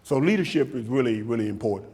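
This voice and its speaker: A man in his fifties, a football coach, giving a motivational talk and taking questions, animated and repeating words for emphasis. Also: mid-range voice, fast talker, husky. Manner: animated, acts out shouted quotes, laughs often. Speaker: football coach speaking at a camp.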